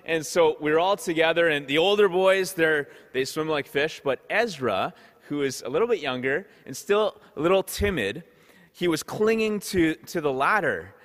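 High-voiced pastor preaching in a reverberant hall. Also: male voice, expressive, normal speed, a bit bright. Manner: storytelling, repeats words as he talks. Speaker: parish pastor. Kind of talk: conversational Sunday sermon with stories.

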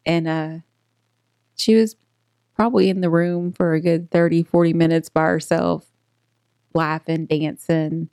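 Animated woman telling a story, low-ish voice. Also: unhurried, long pauses, clear, resonant tone, no room sound, studio quality. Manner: animated, laughing, acts out quotes. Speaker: podcast co-host. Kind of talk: casual storytelling chat.

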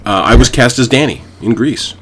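This young Canadian podcast co-host tells long stories in a rambling, filler-heavy, casual way. His mid-range voice is a bit bright at a moderate pace, and a little hiss or hum runs under the recording.

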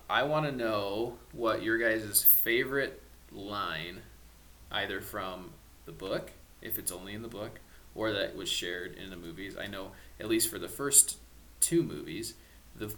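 A man's voice: on the low side, unhurried, pushed and bright, low-quality recording. A man hosting a casual podcast chat, leading the discussion and poking fun at himself. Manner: self-deprecating, leads the discussion. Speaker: podcast host.

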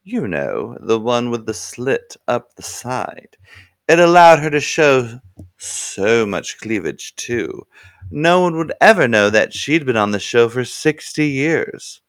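Brief: a playful male storyteller with a swooping, animated delivery. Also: medium pitch, slow pace, dry recording. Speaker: narrator. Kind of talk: comic storytelling.

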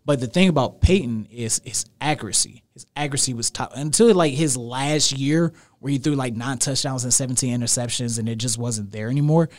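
A young man talks sports as a podcast guest in a studio. His voice sits at an ordinary, mid-range pitch. He speaks emphatically and animatedly, leaning on repetition to drive his points home. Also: a little fast, hardly any pauses. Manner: emphatic, animated, repeats phrases for weight. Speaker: podcast guest, radio show host. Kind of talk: casual sports chat.

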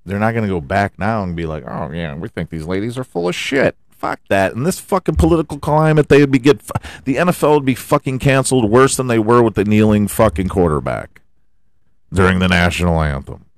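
A man's voice: on the low side, animated, brisk, no echo. A man hosting a podcast, ranting about his football team in a heated, profane way and firing off rhetorical questions. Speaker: podcast host. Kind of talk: profane sports rant.

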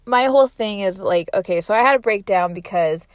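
A woman's voice: mid-range voice, brisk, no room sound, studio quality. A woman giving a casual motivational talk, candid and rambling, with lots of "like" and "right?" fillers.

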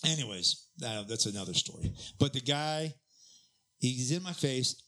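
A man's voice: mid-range voice, animated, moderate pace, pushed and bright. A man in casual chat who laughs often and acts out the people he quotes.

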